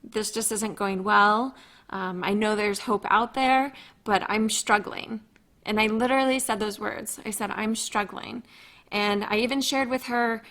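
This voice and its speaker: Slow, earnest woman podcast host. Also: medium pitch, gravelly, fairly bright tone. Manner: earnest, confiding, slow and thoughtful with frequent restarts. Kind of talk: reflective solo podcast talk.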